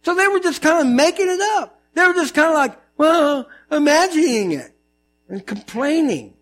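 A man preaching with an animated, joking delivery, slipping into funny voices to act out the stories. His voice sits high for a man. A low mains hum runs under the recording. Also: normal speed. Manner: animated storytelling, mimics voices, jokes. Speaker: pastor. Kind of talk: sermon.

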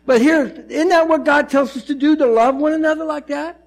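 A male pastor giving a conversational, animated sermon, often acting out voices in his stories. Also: very high-pitched, brisk.

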